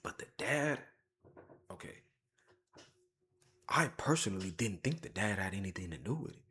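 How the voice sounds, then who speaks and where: A man's voice: on the low side, lively intonation, moderate pace, bright, forceful tone, a little hiss or hum. A man giving casual, slangy reaction commentary, thinking aloud. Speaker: video reactor.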